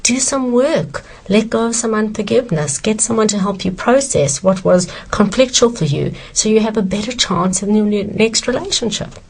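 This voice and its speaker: A woman's voice: medium pitch, normal speed, few pauses, darkish tone, husky. A woman author earnestly answering questions about self-esteem, emphatic and sincere.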